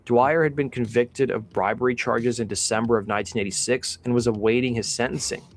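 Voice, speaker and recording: Man reading a story, steady and measured. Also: mid-range voice. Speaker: co-host.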